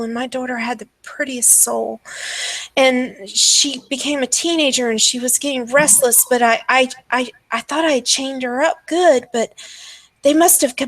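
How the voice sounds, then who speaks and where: A woman's voice: high voice, a bit bright, dry recording, pitched above the performer's own voice. A woman voicing a frantic, grieving village mother who stammers and pleads over and over. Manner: stammering, pleading, repeats herself.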